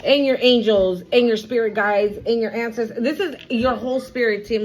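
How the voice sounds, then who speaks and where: A woman's voice: on the high side, normal speed, low-quality recording. A woman giving a casual tarot reading to her viewers, blunt and profane, repeating her warnings for emphasis. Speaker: tarot reader.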